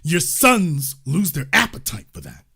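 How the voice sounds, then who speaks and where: A male host giving livestream political commentary in an animated, emphatic way, with mild cursing and the odd shout. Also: a little high, measured pace, vocal fry, husky.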